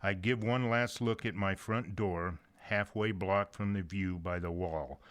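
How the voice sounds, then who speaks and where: Older male narrator, deep and resonant, folksy first-person storyteller with chatty asides. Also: steady tone, unhurried, a bit bright. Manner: folksy, conversational telling with casual asides. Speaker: narrator reading his own short story.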